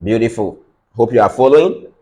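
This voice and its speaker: A man's voice: medium pitch, lively intonation, fairly quick, dark tone, low-quality recording. Emphatic Nigerian man teaching a business class. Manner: repeats key phrases for emphasis, quizzes the audience. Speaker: business trainer. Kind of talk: business training lecture.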